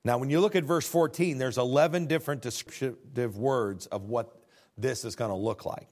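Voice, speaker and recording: A man with a Midwestern American accent preaching a sermon. He reads scripture aloud, explains it, and swings from low asides to loud, high-pitched peaks. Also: normal speed. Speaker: pastor.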